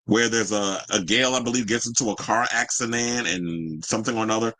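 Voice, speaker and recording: A man hosting a casual pop culture podcast, sassy and animated, reading viewer comments and riffing on them. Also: on the low side, fairly quick, dry recording, poor audio. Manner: sassy, animated, reads chat comments aloud. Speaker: podcast host.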